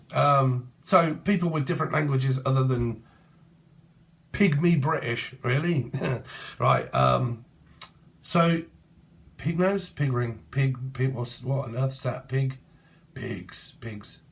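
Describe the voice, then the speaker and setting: A man's voice: mid-range voice, slow pace. A man reading tarot in a loose, stream-of-consciousness ramble. He hops from one word play and name to the next. His talk is casual and sprinkled with slang and swearing. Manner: free-associating, jumps between word plays and names, often laughs. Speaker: tarot reader.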